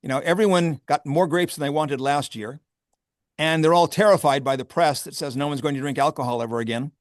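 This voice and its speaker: A man's voice: on the high side, a little fast, no room sound, studio quality. A man who owns a vineyard, talking candidly and with wry humor in a casual interview, often laughing. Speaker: vineyard owner and grape grower.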